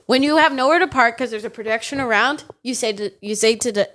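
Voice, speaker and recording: A woman's voice: on the high side, fast talker, a bit bright. A woman co-hosting a podcast in casual chat, playful and fond of repeating a phrase for comic effect. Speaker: podcast co-host and producer.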